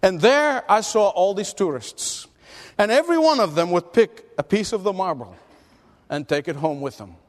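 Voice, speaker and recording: A man's voice: high voice, animated, normal speed. A man preaching a sermon, telling a story and driving it home with emphatic rhetorical questions. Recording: long hall reverb.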